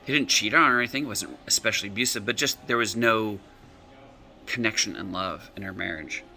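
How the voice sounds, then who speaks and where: A man's voice: fairly low pitch, fairly quick, gravelly, sharp tone, faint music behind. A male coach telling client stories, acting out their quoted words as back-and-forth dialogue. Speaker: emotional reset coach. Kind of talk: storytelling talk with client examples.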